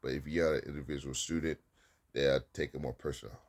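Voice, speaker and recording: A man's voice: rumbling low, steady tone, fast. A man speaking casually as an experienced teacher, giving plain-spoken advice and repeating his points, with sometimes stern commands.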